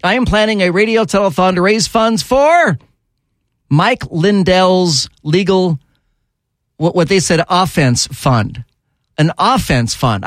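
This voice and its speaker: A man hosting a talk radio show, chatting casually and getting animated and exasperated, his voice jumping high when riled up. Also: dry recording. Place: radio studio.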